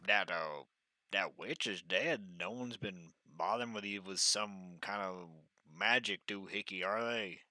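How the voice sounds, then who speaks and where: A man's voice: sits low, measured pace, pushed and bright, no room sound. A man playing his character in a tabletop game, mild and hesitant. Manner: mild, hesitant, laughs often. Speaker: player voicing a skeleton. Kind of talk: casual in-character role-play.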